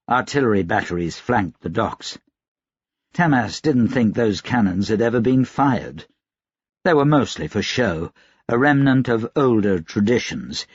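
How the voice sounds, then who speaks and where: A man reading a fantasy novel aloud in a measured, even narration. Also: lowish voice, breathy edge, no echo. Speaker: audiobook narrator. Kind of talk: scripted narration. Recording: dry, slightly dull recording.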